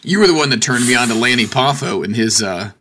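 A man's voice: medium pitch, expressive, quick pace, a crowd in the background. A man co-hosting a casual podcast chat, with teasing, easygoing talk. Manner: teasing, easily set laughing. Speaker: podcast co-host.

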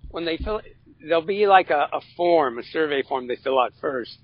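A man who is a guest on a podcast, talking about coaching in an animated way, acting out little quotes and restarting his phrases. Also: fairly high pitch, moderate pace, husky, no echo, highs cut off. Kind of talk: casual interview chat.

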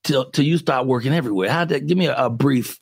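A man's voice: mid-range voice, fast, gravelly, no room sound, clean studio sound. A man hosting a podcast in a casual, folksy, laid-back way with slangy talk. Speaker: podcast host. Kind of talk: casual interview chat.

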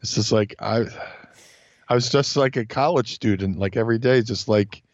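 A man's voice: lowish voice, moderate pace, no room sound. A man guest in casual chat, telling stories with lots of swearing and acting out other people's voices. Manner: animated, swears a lot, acts out voices in stories. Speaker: podcast guest. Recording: dull lo-fi sound.

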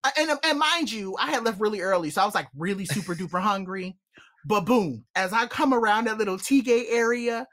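A woman's voice: mid-range voice, brisk. A woman, co-hosting a podcast and telling stories in casual chat, laughing a lot. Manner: animated storyteller, cackling laugh. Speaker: podcast co-host.

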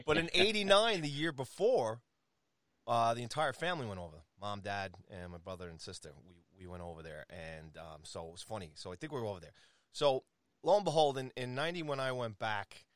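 A man's voice: medium pitch, expressive, fairly quick, a bit bright, no room sound, clean studio sound. A man from New York telling rambling, chuckling anecdotes in casual conversation, with many restarts.

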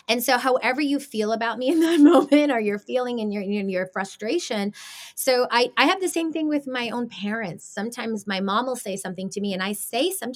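Animated woman on a podcast. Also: on the high side. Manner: animated, acts out tones of voice, laughs often. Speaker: podcast guest. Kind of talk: conversational podcast discussion.

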